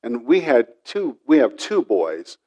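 A man's voice: mid-range voice, a little slow, highs cut off. A middle-aged man preaching a sermon, telling a personal story and acting out the voices in it. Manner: storytelling, animated with quoted voices. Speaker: pastor.

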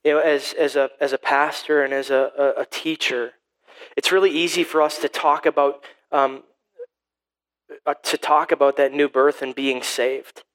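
A man's voice: a little high, fairly even intonation, moderate pace, a bit bright, rough recording. A man in his thirties, a pastor giving a sermon, rambling and repeating words as he tells a family story.

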